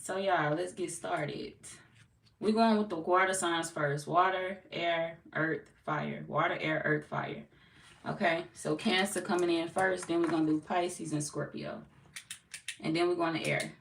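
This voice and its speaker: A woman from St. Louis, in the US Midwest, reads tarot and chats casually and bluntly with her live chat in a local accent, often cursing and laughing. Her lowish voice is creaky and unhurried, with fairly even intonation. Expect an echoey room, a distant mic, and faint background noise.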